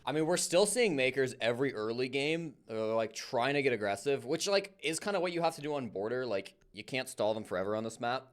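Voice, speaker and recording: A medium-pitched, expressive man co-casts an esports match on stream, talking briskly with hardly any pauses. It's casual game commentary as he jokes with chat and calls the plays.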